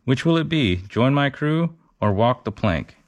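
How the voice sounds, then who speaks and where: A man's voice: mid-range voice, animated, a little slow, pitched above the performer's own voice. A man voicing a sneering pirate captain in a storybook read-aloud, mock-polite and taunting. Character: sneering male pirate captain, menacing and courtly.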